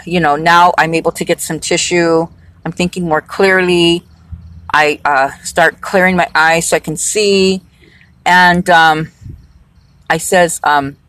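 Chatty woman with a lowish voice. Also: a bit bright, no echo. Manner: chatty, digressive storytelling. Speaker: rideshare driver. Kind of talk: casual anecdote.

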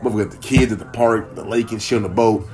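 A man's voice: lowish voice, steady tone, fast, darkish tone. A man from Minnesota hosting a casual solo podcast from home, loose, profane, rambling and joking. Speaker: podcast host.

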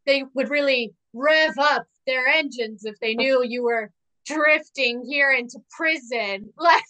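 A woman co-hosting a podcast, reacting with giggles and quick asides while recapping a TV episode. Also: high voice, sharp tone, poor audio. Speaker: podcast co-host. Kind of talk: casual TV recap chat.

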